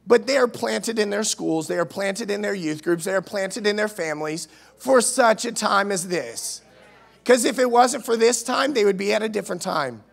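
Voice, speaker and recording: A man from Missouri preaching a sermon as youth minister, earnest, restarting words, swinging between loud and soft. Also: sits high, normal speed, vocal fry. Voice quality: nasal at times. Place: church.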